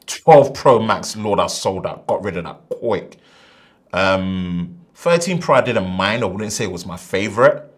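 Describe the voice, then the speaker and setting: A man hosting a casual tech live stream, animated and slangy, swinging between loud bursts and quiet asides. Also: low-pitched, a little slow.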